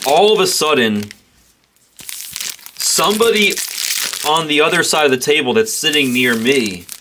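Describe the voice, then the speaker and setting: A man's voice: mid-range voice, background noise. A man hosting a live card break stream, telling a rambling story in casual chat. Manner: chatty, rambling, self-correcting. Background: tearing and crinkling card packs.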